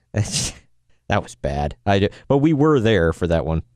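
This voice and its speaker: A man's voice: lowish voice, sing-song, takes it slowly, a little mellow, dry recording, clean studio sound. A man co-hosting a podcast in casual chat, jokey and teasing, laughing often. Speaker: podcast co-host.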